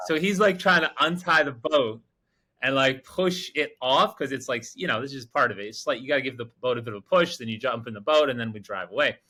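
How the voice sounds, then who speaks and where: A man co-hosting a podcast, telling a field story in casual chat, animated and acting out other people's lines. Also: mid-range voice, fairly quick. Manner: animated, mimics others with raised voice and swearing. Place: remote field camp in the Amazon.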